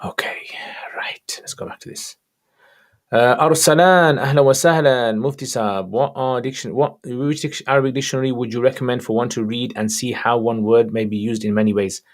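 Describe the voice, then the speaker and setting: A man answering religious questions on a livestream, reading each viewer question aloud and replying in a casual, relaxed way. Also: medium pitch, a little fast, few pauses.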